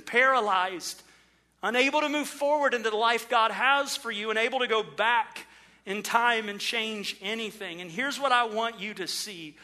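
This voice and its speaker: High, bright-voiced male preacher. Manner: earnest preaching, slows and stresses words. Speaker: pastor. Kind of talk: sermon.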